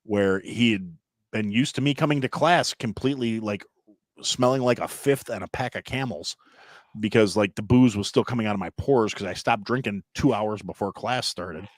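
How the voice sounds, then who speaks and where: In clean studio sound with no room tone, a man in his thirties speaks at normal speed in a voice on the low side. He's a chef appearing as a podcast guest, telling profane, self-mocking stories in casual chat and often restarting his sentences.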